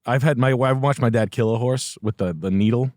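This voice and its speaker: A man's voice: medium pitch, brisk, a little mellow, dry recording. Guy hosting a podcast, rambling crude stories, middle voice, dry close mic. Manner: crude, rambling storytelling with vulgar jokes. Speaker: podcast host. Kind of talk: casual podcast chat. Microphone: studio podcast mic on an arm.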